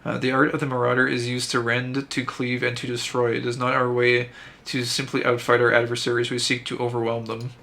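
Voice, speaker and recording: Brief: man voicing a grim veteran axe master, formal and grand, bright tone, flat contour. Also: medium pitch, a little fast, gravelly. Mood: stern. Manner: grandiose, formal read-aloud delivery. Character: stern battle-scarred male axe guild master.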